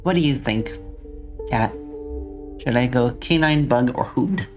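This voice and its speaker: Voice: mid-range voice, a little slow, soft background music. A streamer in a casual let's-play, chatting along and reading and answering viewers' messages aloud.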